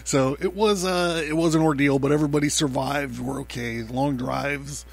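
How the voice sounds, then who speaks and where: A man's voice: a little high, fairly even intonation, a little fast, gravelly. A man hosting his own podcast, talking in a loose, rambling way, with lots of fillers, swearing and laughter. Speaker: podcast host. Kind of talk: casual rambling monologue.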